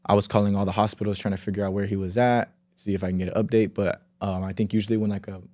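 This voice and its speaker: Young man, podcast guest, lowish mellow voice, dry close sound; rambling casual storyteller who swears freely. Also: little pitch movement, very fast, no room sound. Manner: rambling, heavy filler words and reenacted quotes. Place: podcast studio.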